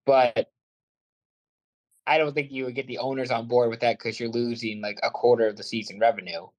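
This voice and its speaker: A man's voice: medium pitch, fairly even intonation, brisk, rough recording. A man from Canada, a guest on a sports podcast, chatting casually in a rambling, self-aware way.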